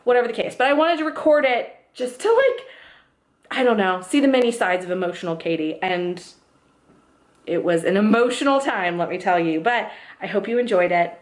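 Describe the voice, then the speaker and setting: A woman's voice: medium pitch, expressive, moderate pace. A young woman vlogging in casual chat, chatty, laughing often and putting on voices when she quotes people.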